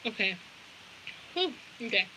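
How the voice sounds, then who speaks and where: Blunt, bright-voiced young woman reading tarot. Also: fairly high pitch, a little slow, slightly rough, rough recording. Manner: blunt, profane, animated slang. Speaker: tarot reader.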